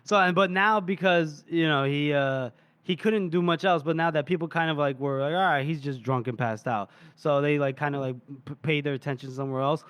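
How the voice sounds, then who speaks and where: A man co-hosting a casual book podcast, retelling scenes in an animated way with frequent laughter. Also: a little high, fairly quick, clear, resonant tone. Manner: animated storytelling, laughing often. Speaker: podcast co-host. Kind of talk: casual book-discussion chat.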